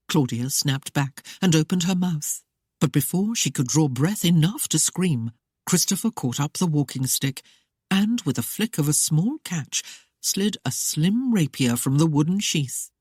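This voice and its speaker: An audiobook narrator reading a historical romance in a steady, even storytelling manner. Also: medium pitch, normal speed, breathy edge, no echo, clean studio sound. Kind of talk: scripted narration.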